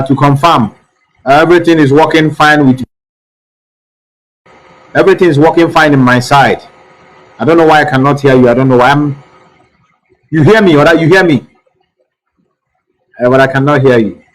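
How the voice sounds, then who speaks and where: A man's voice: fairly high pitch, moderate pace, pauses often, low-quality recording. A man hosting a live online talk show, repeating himself and fussing as he tries to reach callers. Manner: repetitive, fussing over technical trouble. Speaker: host.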